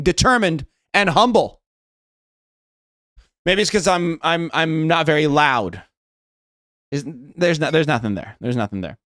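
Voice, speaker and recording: A man's voice: a little high, bright, forceful tone, dry recording, clean studio sound. An American man rehearsing stand-up on a live stream, rambling and self-mocking and starting his lines over again and again. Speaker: streamer trying out stand-up jokes.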